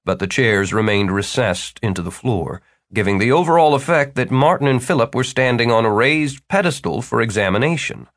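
A man narrating a fantasy novel with expressive storytelling. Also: fairly low pitch, no room sound, clean studio sound. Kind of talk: scripted audiobook narration.

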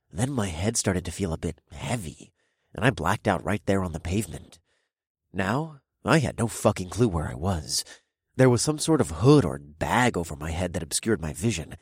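A man's voice: deep voice, slightly rough, no echo, studio quality. A young man narrating a first-person audiobook in a wry, casual, profane way.

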